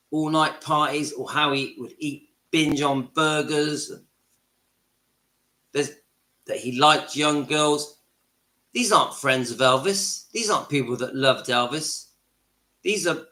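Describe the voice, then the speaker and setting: A man's voice: a little high, sharp tone, reverberant. A middle-aged man hosting his own channel, delivering an impassioned monologue from home and repeating phrases for emphasis. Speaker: channel host. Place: his home, kitchen and lounge.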